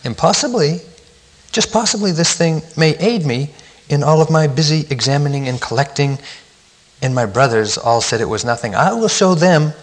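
A man putting on a timid little storybook mouse whose voice lifts higher than his own. it sounds curious and wondering, a small creature asking about the world. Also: lively intonation, moderate pace, big-room sound. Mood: eager.

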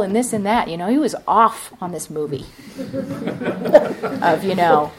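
A woman's voice: medium pitch, animated, measured pace, long pauses, noisy background. A woman meditation teacher giving a dharma talk at a retreat center, reflective and telling a story. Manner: reflective, storytelling, many fillers.

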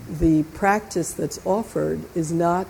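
A woman meditation teacher answers students from a group sitting. Her voice sits low with a gravelly edge and a mellow tone. She talks slowly and deliberately, with faint noise behind. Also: rough recording. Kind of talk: dharma talk and inquiry.

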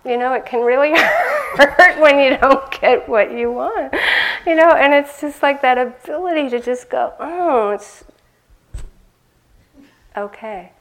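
An older woman giving a conversational dharma talk as a meditation teacher, laughing often and growing animated as she tells stories. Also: sits high, normal speed.

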